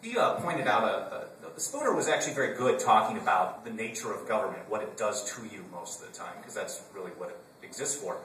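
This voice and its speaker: A man's voice: lowish voice, expressive, fairly quick, hardly any pauses, fairly bright tone, slight background noise. A man from Wisconsin giving a humorous political talk to a live audience, conversational and full of joking asides. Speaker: conference speaker. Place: conference room with an audience. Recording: roomy hall from a distance.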